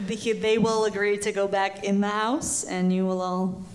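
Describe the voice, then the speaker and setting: A woman running a tabletop game as game master, narrating a live show at a convention in an unhurried way with hesitations. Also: mid-range voice, flat delivery. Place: convention stage before a live audience.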